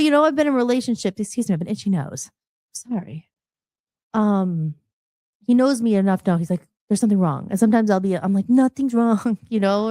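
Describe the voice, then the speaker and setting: A woman's voice: mid-range voice, dark tone, no room sound. Chatty woman podcast host, dry sound. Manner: rambling, chatty, self-interrupting. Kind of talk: casual live-show chat.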